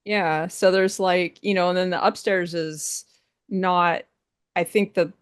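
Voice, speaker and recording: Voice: medium pitch, steady tone, a little slow, clean tone. A podcast host chatting casually, with a loose manner full of "like" and "you know.". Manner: chatty, uses "like" often. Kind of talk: casual chat.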